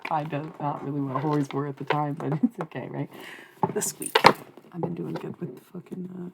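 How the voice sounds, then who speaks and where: Gravelly low-voiced woman streamer, swearing. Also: fairly even intonation, moderate pace, pauses often, darkish tone, a little hiss or hum. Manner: swears freely, chatty and rambling. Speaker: livestreamer channeling spirits. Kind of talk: casual live-stream monologue.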